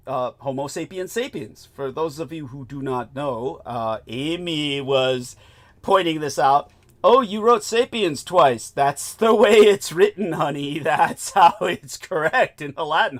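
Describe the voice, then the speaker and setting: A man hosting a casual talk show, lecturing in a rambling, profane way with lots of fillers. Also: medium pitch. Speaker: host.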